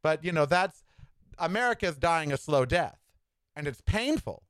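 A man's voice: lively intonation, moderate pace, a bit bright, clean tone, no echo. A man hosting his own podcast, giving a sassy, opinionated monologue with campy asides and dramatic swings in delivery. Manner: dramatic swings in pitch and tempo. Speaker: podcast host.

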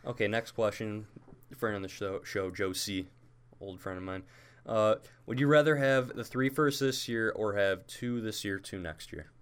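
Deep-voiced, smooth man hosting sports talk. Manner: animated, opinionated, quick bursts when worked up. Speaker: podcast host. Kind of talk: casual sports chat.

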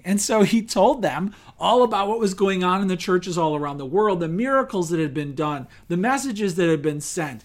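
A man preaching a sermon in a lively, conversational way, asking rhetorical questions and acting out little quotes. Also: sits high, normal speed, few pauses. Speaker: pastor.

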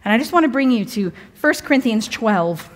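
Woman preaching at church, chatty, jokey, keeps restarting herself, voice on the high side. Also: animated, normal speed. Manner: chatty, humorous, self-interrupting. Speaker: guest preacher. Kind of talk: sermon. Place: church evening service.

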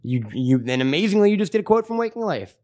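A man with a slightly high voice co-hosts a podcast, riffing in loose comedic banter. He swears freely and jokes constantly, tossing in quick impressions of his friend. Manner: profane, joking, lively impressions. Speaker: podcast co-host.

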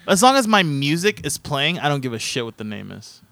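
A man's voice: a little high, sing-song, brisk, gravelly. A young man in a band, talking in a laid-back, rambling way with lots of fillers. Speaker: band member. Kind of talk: casual podcast chat.

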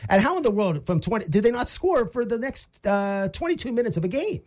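A man with a high voice and a rapid delivery rambles through a sports recap. He sounds incredulous and excited throughout, in a casual co-host chat. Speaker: podcast co-host.

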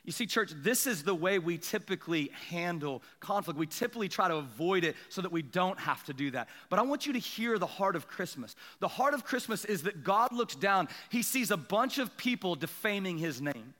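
A man's voice: high voice, a little fast, few pauses, in a large hall. A young adult male pastor preaching a sermon, telling stories and checking in with the congregation with frequent asides. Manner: animated storytelling with congregation asides.

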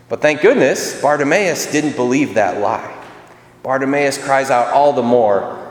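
Conversational priest in an echoey church. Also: male voice, mid-range voice, animated, normal speed. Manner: conversational, acts out voices in the story. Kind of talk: sermon. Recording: echoey church with long reverb.

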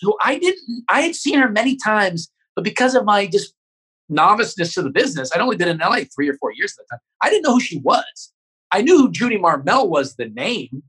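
A man's voice: high voice, very animated, a bit bright, breathy edge. A man, a comedian guest, telling a profane story in a podcast interview, often tagging sentences with "right?". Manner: rapid, profane, keeps checking in with "right?".

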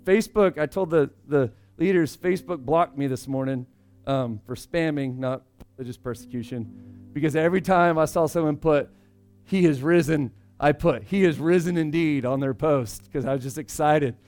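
High-voiced pastor preaching with swings. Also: male voice, normal speed, faint music behind. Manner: conversational, swings between loud emphasis and hushed asides. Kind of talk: sermon.

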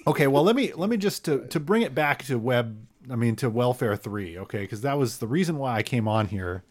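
A man in casual conversation, wry and argumentative, laying out his thesis with quick asides. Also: mid-range voice, lively intonation, a little mellow. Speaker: podcast guest. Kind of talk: casual chat.

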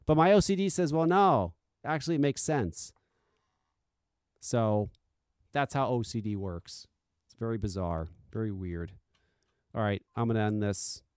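A man hosting a casual solo podcast, blunt and profane, swinging between loud insistence and quiet, confiding asides. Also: on the low side, expressive, normal speed, smooth, no room sound, clean studio sound. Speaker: podcast host.

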